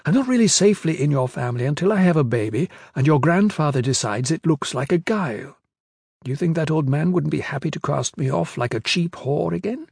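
A man's voice: a little high, expressive, fairly quick, creaky, a little mellow, slightly rough, dry recording, clean studio sound, pitched above the performer's own voice, full character voice. A man voicing a young newlywed woman who is earnest and defensive in an audiobook reading. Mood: bitter.

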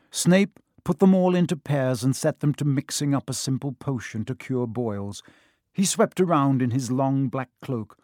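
A man reading a children's novel aloud in a measured, expressive storybook narration. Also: mid-range voice, no echo, clean studio sound. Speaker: audiobook narrator.

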